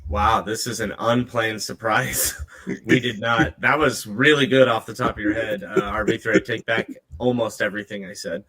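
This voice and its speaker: A male podcast host talks on a headset mic, low in pitch but with a bright, sharp edge. He jokes and teases with quick asides in loose banter. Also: fairly even intonation, rough recording. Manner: joking, teasing, quick asides. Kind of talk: casual podcast chat.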